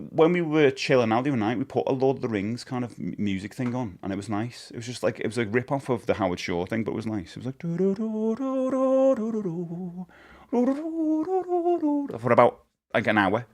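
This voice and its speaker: A man's voice: medium pitch, fast talker. A man chatting casually on a live stream, rambling and joking, laughing often. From United Kingdom.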